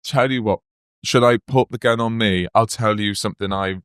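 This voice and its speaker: A man, hosting a casual podcast chat and telling animated stories with acted-out voices. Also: lowish voice, moderate pace, smooth, no room sound, clean studio sound. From Wales. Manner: animated storytelling, acts out quoted voices. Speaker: podcast host.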